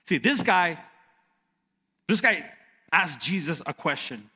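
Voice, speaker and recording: Man, pastor, sermon, lively swooping pitch, repeats for emphasis, long church-hall reverb. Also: slow pace, long pauses, breathy edge. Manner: animated, repeats lines for emphasis.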